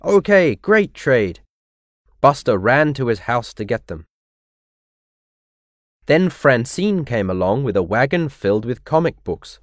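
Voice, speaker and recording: Slow, expressive storybook narrator man. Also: medium pitch, no echo, studio quality. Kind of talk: children's storybook reading.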